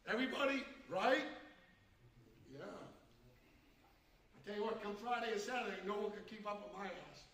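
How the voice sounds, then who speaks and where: A man in his seventies giving a keynote speech in a large conference hall, telling folksy, animated stories and laughing between them. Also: high-pitched, slight background noise. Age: 70s. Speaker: keynote speaker. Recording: echoey hall, distant from mic.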